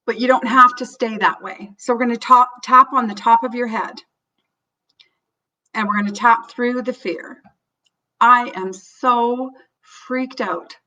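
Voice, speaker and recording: Bright-voiced woman leading a tapping exercise. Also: fairly even intonation, moderate pace, far from the mic. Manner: drops low and soft for tapping points, rises for panic phrases. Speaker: tapping coach. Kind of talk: guided tapping sequence.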